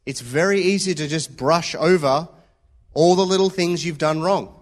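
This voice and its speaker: A man's voice: fairly high pitch, moderate pace. Man preaching casually. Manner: conversational, anecdotal, checks in with "yeah?". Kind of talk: informal sermon with stories.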